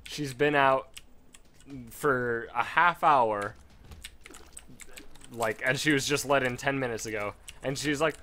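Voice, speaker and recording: Bright-voiced man ranting over gameplay. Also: mid-range voice, takes it slowly, long pauses, a little hiss or hum. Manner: rambling, profane storytelling rant. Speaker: let's play gamer. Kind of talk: casual gameplay commentary. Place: home.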